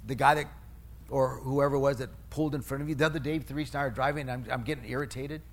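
Fast and steady, this middle-aged male pastor speaks at medium pitch, preaching in a conversational, storytelling manner. He pokes fun at himself and keeps restarting and correcting phrases midway.

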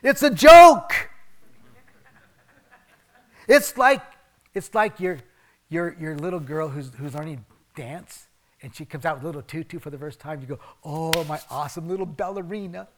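Man, pastor, sermon, conversational, slightly high-pitched, emphatic then hushed. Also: expressive, a little slow, pauses often.

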